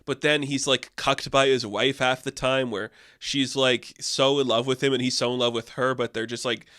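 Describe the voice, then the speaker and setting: A man casually reviewing a movie, loose and profane, full of "like" fillers, jumping up in pitch when incredulous. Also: steady tone, normal speed, bright, forceful tone, no room sound, studio quality.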